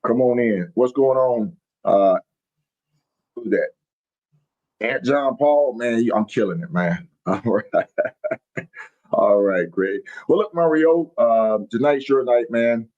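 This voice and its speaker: A middle-aged podcast host chats on a live stream while traveling, folksy and hyped, calling out viewers by name over and over. His mid-range, slightly mellow voice moves slowly with frequent pauses, and the audio is dull.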